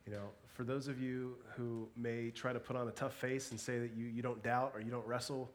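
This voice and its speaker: A man in his thirties, a pastor with a cold who sounds congested, giving an earnest sermon and a quiet spoken prayer with hesitant restarts. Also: mid-range voice, flat delivery, fairly quick. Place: church service.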